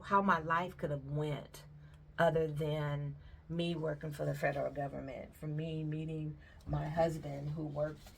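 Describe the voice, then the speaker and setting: A woman's voice: low-pitched, little pitch movement, measured pace, creaky, a little hiss or hum. A middle-aged woman, chatting casually and laughing as she reminisces while she works on a craft. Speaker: vlogger. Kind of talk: casual chat while pouring paint.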